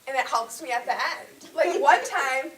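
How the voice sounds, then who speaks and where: A woman's voice: high-pitched, unhurried, a bit bright. A teenage girl on a volleyball team telling a story in casual group chat, giggling and saying "like" a lot. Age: teens. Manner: giggly storyteller, many likes. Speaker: senior volleyball player. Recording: echoey room, far from mic, noisy.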